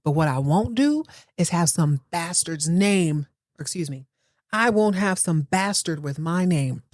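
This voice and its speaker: A woman's voice: fairly low pitch, expressive, a little slow, a little mellow, no echo, studio quality. A woman voicing an indignant soap-opera man who denies he is the father, ranting in sassy street slang. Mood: scornful.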